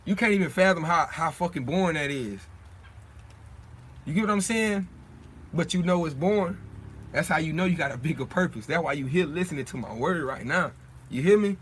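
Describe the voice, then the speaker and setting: A young man hosts a casual livestream, talking a little fast in streetwise slang with a slightly high, expressive, somewhat bright voice. He gets preachy and often repeats his points, and there's slight background noise.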